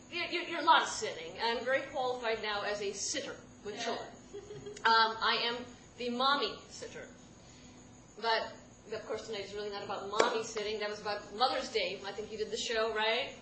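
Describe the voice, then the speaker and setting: High-voiced woman telling a story on stage, laughing thru it, echoey room w/ noise behind. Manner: animated, self-interrupting, laughing through lines. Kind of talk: live personal storytelling.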